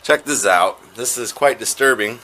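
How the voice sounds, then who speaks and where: Speaking at a moderate pace, a man chats to his home camera in a relaxed vlog, wandering through his thoughts with repeated words and fillers. His medium-pitched voice sounds pushed and bright over a faint hiss or hum.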